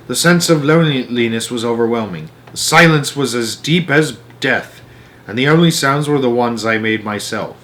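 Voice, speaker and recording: Storytime host, man, hushed dramatic read-aloud, mid-pitched voice. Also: slight background noise. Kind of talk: reading a children's book aloud.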